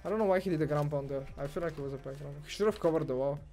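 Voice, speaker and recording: A young man commentating on his own gameplay, excitable and foul-mouthed, swinging from muttering to yelling and ranting. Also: fairly high pitch, racing, soft background music. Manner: excitable, swears, rants, swings from mumbling to yelling. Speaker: gamer streamer.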